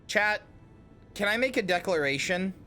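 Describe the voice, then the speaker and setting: A male game streamer chatting casually and playfully with his viewers, rambling from thought to thought. His voice is bright and animated, with a wide swing in pitch, and faint game music plays underneath. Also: moderate pace. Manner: playful, rambling, talks to chat. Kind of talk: casual livestream commentary.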